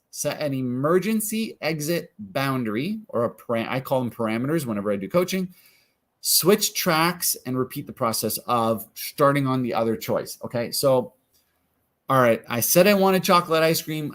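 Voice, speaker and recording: A man coaching viewers through a decision exercise in a calm, guiding way, often acting out the questions people ask themselves. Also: a little high. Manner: calm, guiding, acts out inner questions in quotes. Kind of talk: guided self-help coaching.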